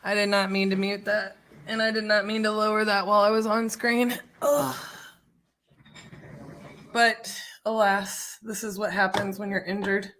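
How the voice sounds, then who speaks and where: A woman's voice: medium pitch, flat delivery, moderate pace, fairly bright tone, a little hiss or hum. A woman with a blended Midwestern and Southern US accent, a real estate wholesaler hosting a livestream and talking friendly and rambling, often restarting her sentences. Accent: mix of Midwestern and Southern US. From Northwest Ohio, raised in Texas from age eleven. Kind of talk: livestream chat and sales phone call.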